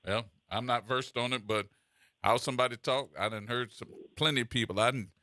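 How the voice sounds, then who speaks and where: A man hosting a call-in radio show, talking in a brisk way and wrapping up calls with friendly sign-offs. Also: mid-range voice, steady tone, pushed and bright, no echo, studio quality. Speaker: radio host.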